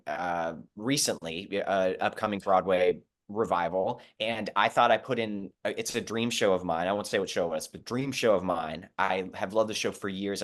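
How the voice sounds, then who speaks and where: Low-voiced man, earnest and animated. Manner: earnest, animated storytelling with frequent "like" and restarts. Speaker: Broadway performer and associate. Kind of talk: conversational interview.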